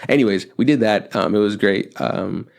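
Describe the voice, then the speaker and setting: Low-voiced young man rambling casually. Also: moderate pace, creaky. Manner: rambling, swears a lot, many fillers. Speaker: podcast co-host. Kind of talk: casual chat.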